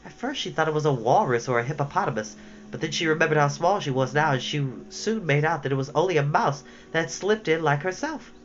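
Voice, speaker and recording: Woman storyteller, low voice, very lively pitch, expressive, faint hiss. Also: fast, lo-fi sound. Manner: expressive, adds casual asides. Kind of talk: reading a children's book aloud.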